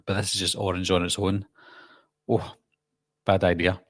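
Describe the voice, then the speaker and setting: A middle-aged Glaswegian man talks through a live viewer Q&A in a relaxed, chatty way. His voice sits fairly low. The sound is dry and close, with no room around it. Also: moderate pace, dry recording. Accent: Glaswegian Scottish. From Scotland. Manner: chatty, reads out viewer comments and answers them. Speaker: host. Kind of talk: casual live-stream Q&A.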